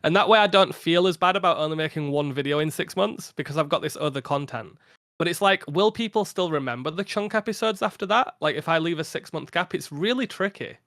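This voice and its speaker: A tired young man chatting casually on a podcast about his gaming channel, rambling with frequent laughs and a slightly flat delivery. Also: fairly high pitch, fairly quick, dry recording, clean studio sound. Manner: rambling, laughs often, a little flat from fatigue. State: tired after a long day. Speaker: podcast guest, content creator.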